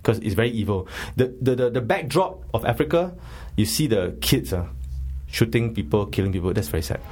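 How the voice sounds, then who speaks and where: A man's voice: lowish voice, very animated, a little fast, a little mellow, a little hiss or hum. Chatty man reviewing a film. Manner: chatty and opinionated, with lots of filler. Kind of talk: casual chat.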